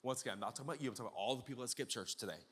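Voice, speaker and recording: A man pastor preaching a sermon, firing off rhetorical questions and building up to shouts at the peaks. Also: medium pitch, rapid-fire, slightly rough. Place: church sanctuary. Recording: long church-hall reverb.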